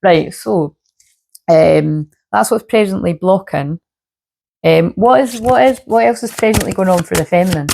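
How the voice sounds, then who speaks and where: A woman with a low, gravelly voice gives a casual spiritual reading to camera. Her throat is sore and a little rough from filming. She rambles, swears freely and keeps checking in with "you know what I mean". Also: normal speed, warm tone. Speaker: shamanic healer and spiritual reader.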